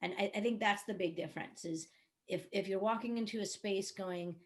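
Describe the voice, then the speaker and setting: A woman's voice: medium pitch, a little fast. A woman who works as a songwriter, producer and coach, explaining her ideas earnestly on an online panel with everyday examples. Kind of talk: panel discussion.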